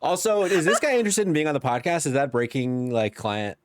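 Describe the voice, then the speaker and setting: A man's voice: on the high side, expressive, a little fast, a little hiss or hum. A man on a podcast chatting casually, laughing often and swearing freely. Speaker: podcast guest. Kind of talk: casual chat.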